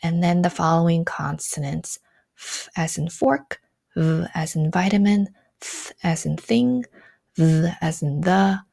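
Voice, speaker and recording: A young adult woman teaches pronunciation in an unhurried, methodical way, going through sounds and example words one at a time. Her voice sits a little low and has a gravelly edge, and she speaks very slowly. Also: warm tone, no echo, studio quality. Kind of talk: instructional explanation.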